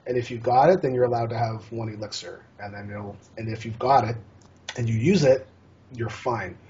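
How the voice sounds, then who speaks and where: A man's voice: mid-range voice, fairly even intonation, moderate pace, a little mellow, husky. A man guest on a casual gaming podcast, talking in a rambling way with many restarts and fillers. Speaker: guest, challenge curator. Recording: dull lo-fi podcast audio.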